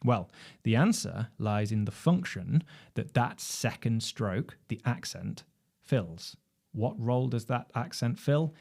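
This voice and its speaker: A man teaching drumming in a measured, explanatory lecture, posing rhetorical questions as he goes. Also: mid-range voice, animated, vocal fry, darkish tone. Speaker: drum instructor. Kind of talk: instructional lecture.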